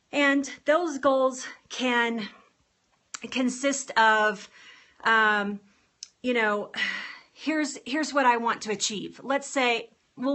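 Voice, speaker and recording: Upbeat woman coach on a phone live stream, kinda high, really bright voice, chatty. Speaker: health coach. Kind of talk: casual live-stream chat.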